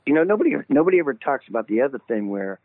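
A man's voice: medium pitch, rapid-fire, no room sound. Man telling stories over a tinny phone line. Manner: animated anecdote teller, laughs at himself. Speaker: guest singer. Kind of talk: casual interview storytelling.

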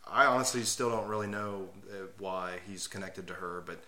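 An enthusiastic man rambling through long explanations as a podcast co-host, with a somewhat low voice that sounds bright and forceful. His voice rings with roomy echo. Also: normal speed. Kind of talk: casual chat.

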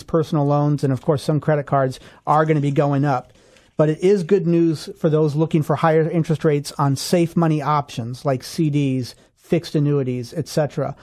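A man co-hosting a radio finance show, explaining rules step by step in a steady, clear way. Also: fairly high pitch. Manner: steady explanatory, walks through examples step by step. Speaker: financial advisor co-host.

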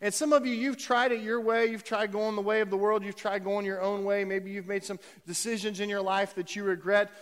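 A man's voice: high-pitched, little pitch movement, brisk, hardly any pauses, a bit bright, smooth, in a large hall. A man preaching a conversational sermon as pastor, with frequent fillers and restarts. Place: church sanctuary.

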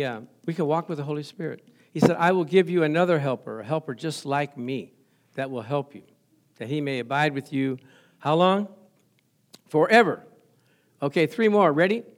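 High-voiced excited man preaching. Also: normal speed, pauses often. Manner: excited, laughing often, asks the congregation questions. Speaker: pastor. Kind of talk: sermon.

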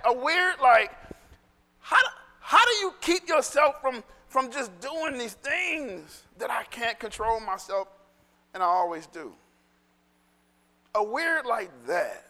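A male pastor preaching a sermon in an animated, conversational way that swings into shouting. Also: very high voice, measured pace, big-room sound.

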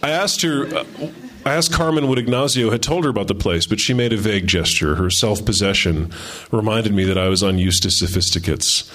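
A man reading a first-person story aloud in a measured, wry way. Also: fairly low pitch, fairly bright tone. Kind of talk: reading his fiction aloud.

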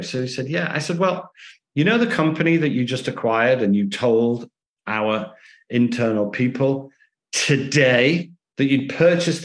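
A man in an echoey room tells stories to his interviewer and slips into the voices of the people he is quoting. His pitch swings widely as he talks, and he sounds bouncy and expressive. His pitch sits in the middle of the range. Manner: lively anecdotes, acting out quoted dialogue. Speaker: author and guest. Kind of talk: conversational storytelling interview.

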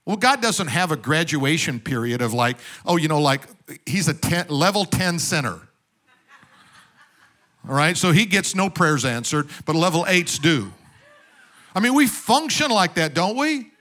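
Male preacher, slightly high and bright voice, casual sermon with soft asides. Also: sing-song, measured pace. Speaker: pastor.

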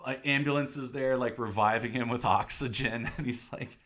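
A man in casual chat, retelling a film with quick acted-out voices and frequent laughs. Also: mid-range voice, fairly even intonation, fairly bright tone. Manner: acts out scenes in quick voices, laughs often. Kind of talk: casual movie recap chat.

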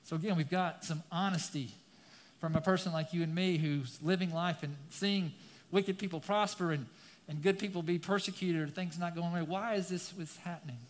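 A man's voice: sits high, steady tone, moderate pace. A man preaching a sermon, reading scripture dramatically and turning to the congregation with casual asides. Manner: dramatic scripture reading, rising loud on key lines. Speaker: pastor.

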